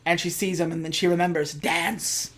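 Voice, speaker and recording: A woman's voice: on the low side, flat delivery, quick pace. Wry, sweary woman recapping a movie. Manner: wry, sweary, acts out characters' lines. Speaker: podcast co-host. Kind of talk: casual chat recapping a movie.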